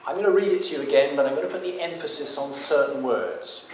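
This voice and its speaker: A man delivers a sermon at a middle pitch. When he reads scripture, his voice swells loud and emphatic. The sound is heavily echoey and picked up from a distance in a church, with a faint hiss behind it. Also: quick pace. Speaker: preacher.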